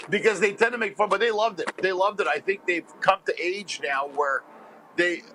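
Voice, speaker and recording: A comedian from Montreal phones in and tells animated, rambling stories with frequent laughs. His voice sits high and sounds bright and forceful. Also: moderate pace, slight background noise. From Montreal, Canada. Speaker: stand-up comedian, phone-in guest. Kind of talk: casual storytelling chat.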